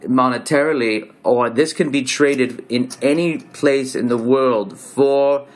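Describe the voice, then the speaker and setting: A video host with a medium-pitched voice speaks slowly while casually explaining coins he holds up to the camera. He uses a put-on accent, and his loose, rambling delivery keeps breaking off and restarting.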